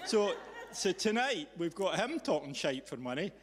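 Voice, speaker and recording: A man hosting a live event, telling a story to an audience in a teasing, animated way. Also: sits high, normal speed. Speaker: event host. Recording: reverberant hall.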